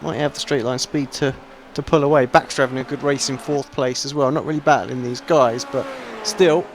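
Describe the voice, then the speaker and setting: A man giving relaxed, conversational analysis as a sim racing commentator. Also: mid-range voice, fairly quick, slight background noise. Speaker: race commentator. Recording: race car engines loud behind.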